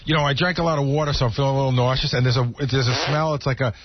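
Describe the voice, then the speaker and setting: A man's voice: medium pitch, steady tone, racing, noisy background. A man on a radio show, rambling through stories and making fun of himself. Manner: rambling, self-mocking storyteller. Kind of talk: radio banter. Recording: muffled radio studio recording.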